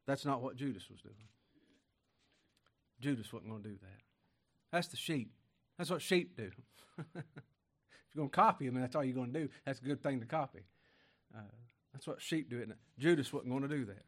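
Male pastor, homespun sermon, mid-pitched voice, jumps from loud emphasis to quiet asides. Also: expressive, a little fast, pauses often. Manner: folksy, conversational preaching with rhetorical questions.

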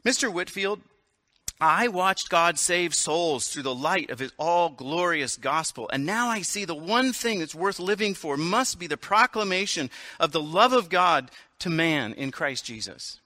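A blunt, passionate aristocratic noblewoman, as a man puts her on while reading a story aloud, her lines raised and bright. She speaks with fervent, emphatic conviction. The sound is close and dry. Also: a little high, expressive, moderate pace, no room sound.

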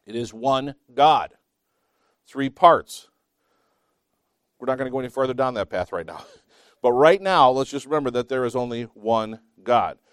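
A man teaching a Bible class, reading scripture slowly with emphasis between chatty asides and small self-laughs. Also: mid-range voice, dry recording, clean studio sound.

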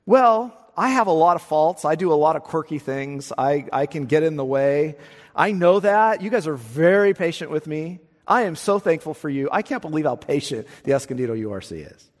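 A male pastor with a fairly high voice preaches emphatically, doubling up words when he drives a point home. His voice rings out with a long reverb tail, as in a church sanctuary. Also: animated, normal speed. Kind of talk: sermon.

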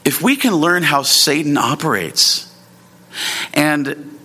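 A man delivers a sermon from the pulpit in a bright, forceful voice. He preaches earnestly, and his pitch jumps when he drives a point home. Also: lively intonation, takes it slowly, breathy edge. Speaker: pastor.

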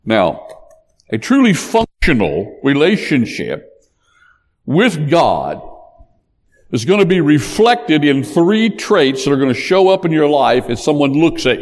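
A man preaching in a large church sanctuary, his voice sitting a bit high and moving through a wide, lively melody. He talks slowly and deliberately, leaning hard on the words he wants to stress. The room carries a long, lingering reverb. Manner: emphatic, preacherly cadence that rises on key points. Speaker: pastor. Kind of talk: sermon.

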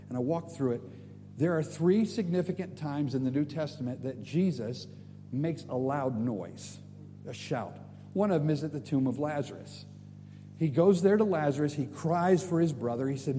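A man preaching a sermon, telling stories in an animated way with casual slang. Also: fairly high pitch, moderate pace, long reverb tail, slight background noise. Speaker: guest preacher.

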